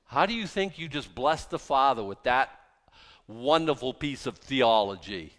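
Lively preacher man in an echoing hall. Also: mid-range voice, moderate pace. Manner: animated, mocking, rhetorical questions. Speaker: pastor. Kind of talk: sermon.

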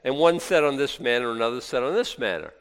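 A man preaching a sermon, reading scripture aloud and breaking into lively, sarcastic asides. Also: medium pitch, quick pace, clear, resonant tone. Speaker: pastor. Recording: long hall reverb.

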